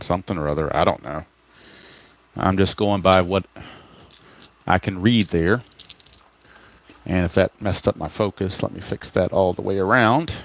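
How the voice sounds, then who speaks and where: His voice sits low, with vocal fry and a slightly bright edge, and the audio is poor. He's doing relaxed play-by-play of a tabletop baseball game he plays alone, self-correcting and muttering to himself while looking for cards.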